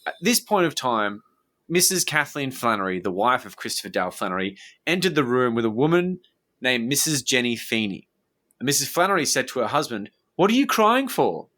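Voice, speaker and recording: A man with a bright, forceful voice reads a police statement aloud on a podcast. His delivery is animated and swoops around a lot. He breaks in with sweary, scornful asides. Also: mid-range voice. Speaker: podcast co-host.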